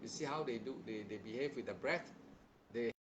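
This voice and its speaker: In a noisy setting, a mid-range male voice delivers a dharma talk on meditation fairly quickly. Stern and admonishing, he keeps repeating phrases, restarting sentences in simple words, and asking "huh?".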